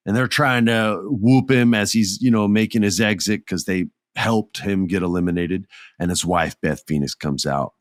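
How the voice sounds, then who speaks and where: This is clean studio audio, free of room sound, from a middle-aged male podcast host with a lowish voice. He talks wrestling casually, full of animation and enthusiasm.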